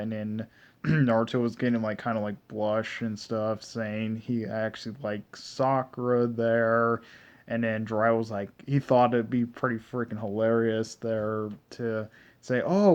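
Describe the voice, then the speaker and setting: A man casually recapping an anime episode, rambling with heavy fillers, cursing and frequent throat clearing. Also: on the low side, darkish tone. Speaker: anime reviewer. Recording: dull lo-fi recording.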